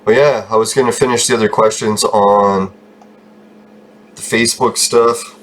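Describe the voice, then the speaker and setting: A man's voice: lowish voice, fairly even intonation, a bit bright, a little hiss or hum. A man, hosting a gaming channel and talking casually, swearing heavily and ranting. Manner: heavy swearing, ranting, quick laughs. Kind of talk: casual rambling commentary while gaming.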